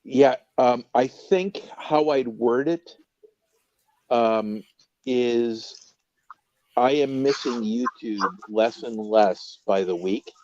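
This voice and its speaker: A man's voice: medium pitch, very slow, darkish tone, no room sound, muffled recording. A man guesting on a casual livestream chat, earnest and emphatic, often repeating himself.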